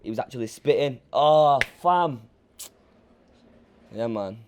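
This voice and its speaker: A young man with a Northern English, Manchester accent talks in a loose, slangy way, circling back over his own words. His voice is mellow and dark, and faint noise sits under the recording. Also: medium pitch, animated, slow. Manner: slangy, laid-back, repeats himself. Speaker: rapper being interviewed. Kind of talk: casual interview chat. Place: interview room in Berlin.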